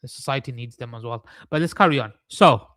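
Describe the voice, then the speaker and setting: A man's voice: medium pitch, a little fast, a bit bright, no echo. A young man hosting a live trading stream, mixing chart analysis with rambling, mock-serious joking rants.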